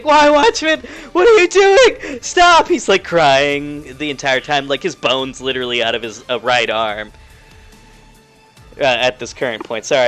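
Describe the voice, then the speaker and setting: Young guy gm narrating a tabletop rpg, bright voice, lots of uhs, faint music behind. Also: medium pitch. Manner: casual, halting, with many fillers. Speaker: game master.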